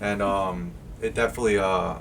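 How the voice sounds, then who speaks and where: Laid-back deep-voiced young man. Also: steady tone, vocal fry, a bit bright, slight background noise. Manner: laid-back, agreeable, measured opinions with fillers. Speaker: co-host. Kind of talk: casual recap commentary over race footage.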